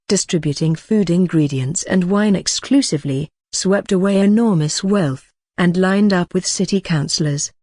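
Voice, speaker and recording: An audiobook narrator reading a fantasy novel in a flat, even way with odd slips. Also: mid-range voice, no echo, studio quality. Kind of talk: scripted narration.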